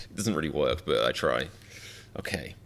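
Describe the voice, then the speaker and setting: Male live reactor; bright, animated, jokey and self-mocking. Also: extremely low pitch, normal speed. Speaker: reaction streamer.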